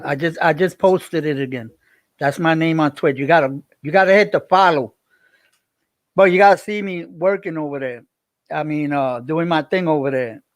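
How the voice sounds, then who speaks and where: Ny dude streaming, kinda high voice, dry sound, rambles and repeats stuff to chat. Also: male voice, normal speed, no echo. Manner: rambling, repeats himself, talks straight to viewers. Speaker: livestreamer. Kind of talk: casual livestream chat.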